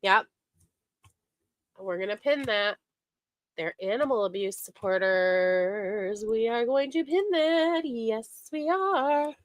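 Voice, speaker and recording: A woman streaming from home who talks slowly and with scorn, her voice a little high. She stays sarcastic and indignant, and at times she mimics the people she criticizes. The sound is close and dry, with no room echo. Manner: indignant, sarcastic, mocking imitations. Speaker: streamer reacting to online drama. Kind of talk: casual livestream commentary.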